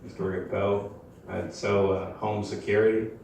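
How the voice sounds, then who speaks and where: Deadpan young man doing stand-up. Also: fairly low pitch, moderate pace, vocal fry. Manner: hesitant, deadpan, filler-heavy. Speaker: amateur stand-up comedian. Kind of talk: stand-up routine. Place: comedy club stage. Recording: echoey live club, mic at distance, room noise.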